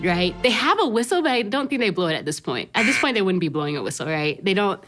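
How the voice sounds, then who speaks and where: A woman's voice: medium pitch, very animated, fast, hardly any pauses, music in the background. A young woman teaching a youth church lesson, telling stories in a chatty way with lots of "like" and "right?" and frequent laughs. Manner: laughs often, self-teasing. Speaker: children's ministry teacher. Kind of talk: animated youth lesson talk.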